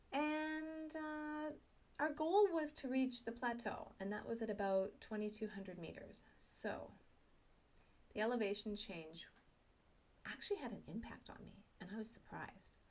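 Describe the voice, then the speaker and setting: Slow-spoken self-mocking middle-aged woman. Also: a little high. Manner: self-mocking and animated, acts out her own thoughts. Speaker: speaker sharing a personal story. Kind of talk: personal storytelling talk.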